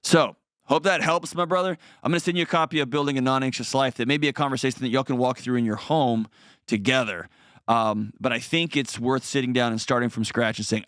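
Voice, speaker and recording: A man hosting an advice call-in show, talking in an earnest, conversational way and gently reassuring a caller. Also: medium pitch, a little fast, no echo, studio quality.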